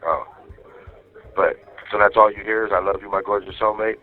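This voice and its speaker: On a casual phone call with his wife, a man tells stories in a loose, profane, animated way, acting out what other people said. His voice is lowish and a little fast. The phone line sounds tinny, with faint music behind.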